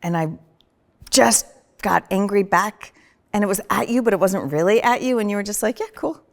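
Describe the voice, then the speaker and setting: A woman chatting on a podcast, telling personal stories in an animated way with sudden loud vocal bursts. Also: medium pitch, fairly quick. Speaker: podcast guest, host's wife. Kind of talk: casual personal conversation.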